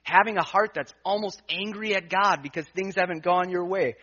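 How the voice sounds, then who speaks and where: A man preaching a sermon, telling a personal story and acting out his own thoughts, swinging between hushed asides and emphatic lines. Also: sits high, lively intonation, normal speed, slightly rough. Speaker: pastor. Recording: dull lo-fi sound.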